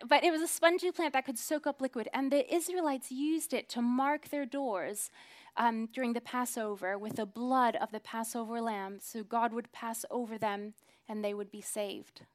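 A woman in her thirties preaching a sermon, earnest, dropping to hushed whispers and then rising to emphatic swells. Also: a little high.

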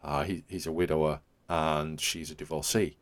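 Deep-voiced man rambling casually. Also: level tone, moderate pace. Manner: rambling, hesitant, full of "sort of" hedges. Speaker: podcast host. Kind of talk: casual chat.

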